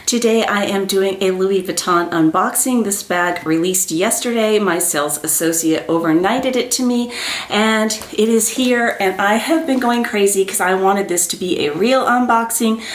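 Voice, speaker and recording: A woman with a Southern US accent hosting an excited unboxing vlog, giddy and breathless and repeating her exclamations. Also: mid-range voice, moderate pace, roomy sound. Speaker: YouTube host. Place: small room at a little desk, indoors.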